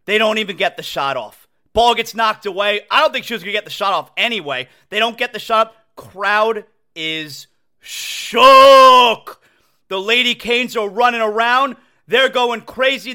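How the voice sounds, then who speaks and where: A man hosting a casual sports talk show from home, excitable, repeating phrases and restarting sentences as he talks. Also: very high voice, normal speed, clean tone.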